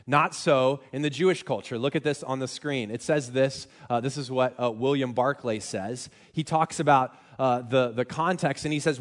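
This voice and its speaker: A man's voice: medium pitch, moderate pace, few pauses. A young man preaching a sermon in a conversational, self-deprecating way, with frequent restarts. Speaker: pastor.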